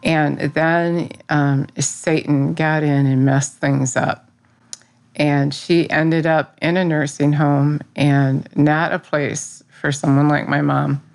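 A woman's voice: low-pitched, little pitch movement, slow pace, vocal fry. A middle-aged woman who teaches Bible study, sharing a personal faith testimony in an earnest, rambling way. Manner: earnest, rambling, with restarts and fillers.

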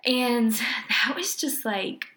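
A woman's voice: fairly high pitch, lively intonation, drawn-out words, pushed and bright. A young woman telling a personal faith testimony in casual conversation, earnest and emotional, with frequent laughs and many "like"s. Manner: earnest, emotional, laughs often, uses "like" a lot. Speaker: guest.

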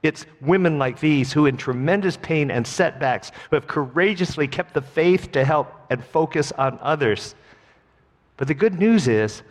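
A middle-aged man preaching a sermon as pastor, earnest, slow and emphatic. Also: a little high. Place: church sanctuary. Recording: long hall reverb.

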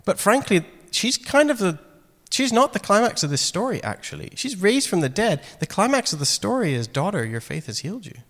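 A man preaching a sermon in a casual, animated way, acting out quoted lines. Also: high voice, a little fast, few pauses. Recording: long hall reverb.

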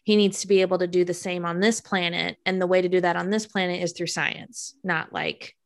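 A woman co-hosting a podcast, chatting casually about a TV show and pausing often on fillers. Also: on the low side, little pitch movement, gravelly. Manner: chatty, uses many fillers. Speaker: podcast co-host.

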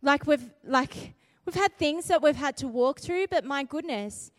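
A middle-aged woman preaching, telling a story in an animated, emphatic way and repeating key phrases for weight. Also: high voice, a little slow, no room sound. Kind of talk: storytelling sermon.

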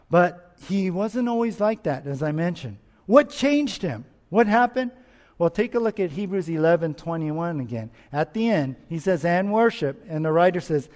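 A man with a high voice delivers an earnest expository sermon, asking his listeners question after question and circling back over his points. His voice rings out with a long hall reverb. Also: a little mellow. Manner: earnest, asks rhetorical questions, repeats himself. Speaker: pastor.

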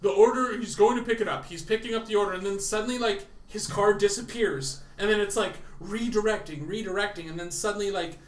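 A man's voice: high-pitched, a little fast, hardly any pauses, distant mic. A man in casual podcast chat, rambling and cursing constantly. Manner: swears constantly, rambling, animated. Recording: echoey room, voice off-mic.

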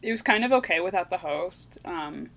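A woman's voice: on the low side, lively intonation, moderate pace, vocal fry, a bit bright, slight background noise. A woman co-hosting a podcast in casual chat, with playful, teasing banter. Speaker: podcast co-host.

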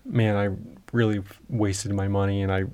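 A man's voice: fairly low pitch, flat delivery, moderate pace, mellow, clear, resonant tone. Laid-back man in casual movie chat. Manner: agreeable, laughs often, short replies. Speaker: podcast co-host.

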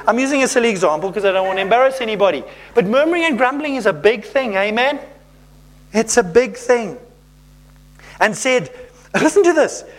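A man's voice: very high voice, expressive, moderate pace. A man preaching a sermon as pastor, reading scripture and acting out playful little voices.

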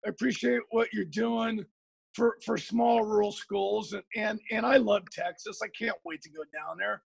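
A middle-aged man from Oregon, a high school football coach, telling stories as a guest in a rambling, earnest way with many repeated words. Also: steady tone, normal speed, vocal fry, breathy edge, dry recording. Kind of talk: guest storytelling on a podcast.

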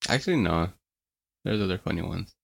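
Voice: sits low, expressive, a little fast, vocal fry. A podcast co-host chatting casually, teasing the other host and laughing easily. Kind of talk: casual chat.

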